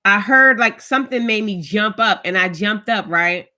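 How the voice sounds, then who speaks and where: A woman's voice: medium pitch, normal speed, sharp tone. Chatty woman vlogger talking to live viewers. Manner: chatty storytelling, greets commenters by name. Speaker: vlogger doing a live stream. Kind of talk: casual chat to live viewers. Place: at home, indoors.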